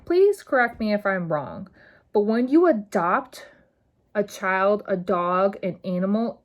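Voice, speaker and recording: A woman in her thirties hosting a solo podcast, talking straight to her listeners. She rambles and gets fired up, hitting words hard when she cares about them. Her voice sits at an ordinary middle pitch. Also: sing-song, takes it slowly. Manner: impassioned, rambling, emphatic. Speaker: podcast host. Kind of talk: casual solo podcast monologue.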